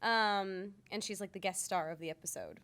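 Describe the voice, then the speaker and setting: A woman's voice: medium pitch, moderate pace, fairly bright tone. A young adult woman voice actor chatting casually in an interview, with lots of ums and likes. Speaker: voice actor guest. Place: convention interview.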